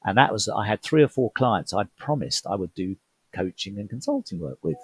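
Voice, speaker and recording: A middle-aged Englishman, a podcast guest, telling a personal story in lively fashion and acting out what people said. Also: on the low side, brisk, slightly rough, no echo. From England. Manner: animated storyteller, acts out quoted voices. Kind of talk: storytelling conversation.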